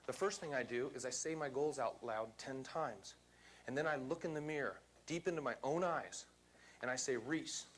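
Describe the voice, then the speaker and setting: A man's voice: medium pitch, a little hiss or hum. A man giving a motivational seminar talk to a live audience in a seminar room, speaking emphatically and quizzing the crowd.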